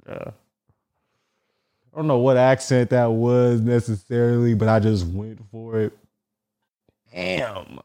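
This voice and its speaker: A man talking alone in casual commentary, reading search results aloud haltingly and joking with lots of swearing. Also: medium pitch, animated, warm tone. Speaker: vlogger.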